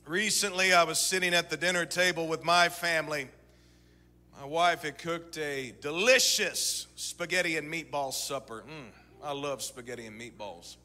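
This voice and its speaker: High bright voiced pastor guy preaching, loud then soft story bits, big churchy echo. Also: moderate pace, slight background noise. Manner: swings from shouted preaching to quiet storytelling. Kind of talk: sermon. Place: church sanctuary. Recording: church sanctuary reverb.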